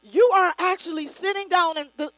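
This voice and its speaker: High, bright-voiced woman preaching a sermon. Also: moderate pace, dry recording, rough recording. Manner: call-and-response, leads congregation in repeated declarations; emphatic, rising to loud exclamations.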